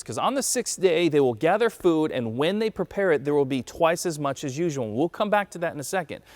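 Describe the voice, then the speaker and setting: A man's voice: on the high side, dry recording. A man in his thirties preaching a conversational sermon, telling stories in a self-deprecating way. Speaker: pastor. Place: church during lockdown livestream.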